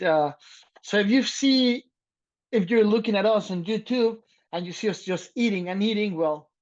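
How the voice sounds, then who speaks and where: A man co-hosting a podcast, talking loudly and excitedly in casual chat and laughing often, with a slight lilt. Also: high-pitched, lo-fi sound. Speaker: podcast co-host.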